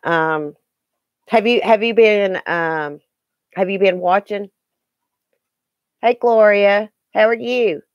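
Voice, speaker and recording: A woman's voice: mid-range voice, takes it slowly, pauses often, no room sound, lo-fi sound. A Southern woman hosting a casual livestream, chatting folksily with viewers by name and reading the chat. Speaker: YouTube livestream host.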